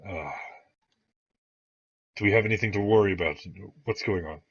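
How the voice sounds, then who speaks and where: A man's voice: lowish voice, normal speed, breathy edge, no echo. A man voicing a formal, courteous male town official who speaks in old-fashioned phrasing. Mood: measured. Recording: dull lo-fi sound.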